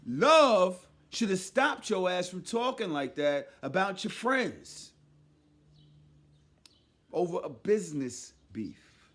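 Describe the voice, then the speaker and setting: A man in a loud, exasperated commentary rant, often shouting and mocking what others said. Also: sits high, big pitch swings, slow, pauses often. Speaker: commentary vlogger.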